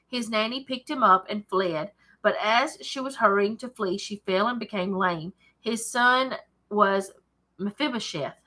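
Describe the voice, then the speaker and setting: A woman's voice: mid-range voice, pushed and bright. A woman with a Southern US accent, reading scripture and chatting about it casually at her desk at home, digressing often and laughing. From Alabama, USA. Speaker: Bible study host. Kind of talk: casual Bible reading and commentary.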